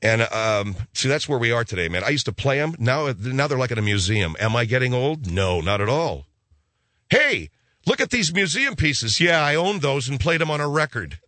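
This middle-aged radio host rambles through listener mail in a brisk, mid-range, fairly bright voice with lively intonation and few pauses. He keeps repeating and restarting words, and the recording is dry.

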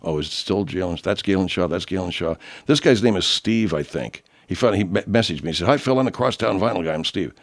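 Man, low voice, lively pitch, casual host, laid-back, profane. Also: fast, hardly any pauses. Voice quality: loose, laid-back, swears freely. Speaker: show host playing listener submissions. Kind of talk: casual chat.

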